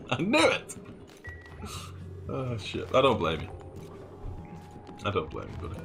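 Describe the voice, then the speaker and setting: A man with a deep, low-pitched voice talks through his game in a casual, thinking-aloud way. He mutters figures to himself and throws in the odd swear word. Game music plays clearly underneath him. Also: huge pitch swings, measured pace. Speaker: let's play host. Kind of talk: casual gameplay commentary.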